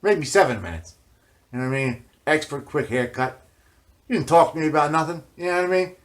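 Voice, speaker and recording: A man's voice: a little high, expressive, fairly quick. A middle-aged man telling a rambling story in a loose monologue, constantly adding filler tags and swearing casually. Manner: casual, constantly says "you know what I mean", swears freely. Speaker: video journal host.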